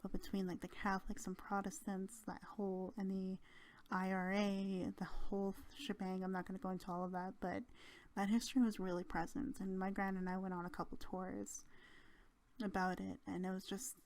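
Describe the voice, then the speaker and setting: A young woman talks through her trip in a relaxed, rambling way. She giggles often and leans on fillers, and her voice sits at a middle pitch for a woman. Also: moderate pace. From Canada. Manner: chatty and giggly, with many fillers. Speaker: channel host. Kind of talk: casual travel storytelling.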